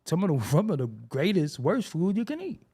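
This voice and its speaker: Black guy ranting on a podcast, jumps all over in pitch, dark mellow tone, lots of cussing. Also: moderate pace, breathy edge. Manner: animated, preachy, swears a lot. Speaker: podcast host. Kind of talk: heated casual discussion.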